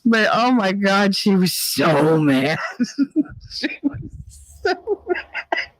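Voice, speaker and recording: A woman's voice: medium pitch, sing-song, very slow, no echo. Playful woman livestreamer, dry close sound. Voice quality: laughs often, playful and teasing. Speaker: livestream host. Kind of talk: casual chat with live chat.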